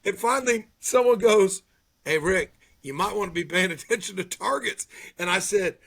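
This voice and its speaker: A middle-aged man with a high voice tells stories in a casual chat at normal speed, acting out what people said. His delivery is animated, and his voice has a creaky, breathy edge.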